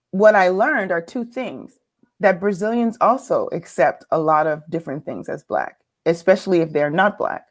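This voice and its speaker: A woman from California, telling a personal story as a guest speaker in a reflective, earnest way. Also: fairly low pitch. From California, United States. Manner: reflective, earnest, with some laughter.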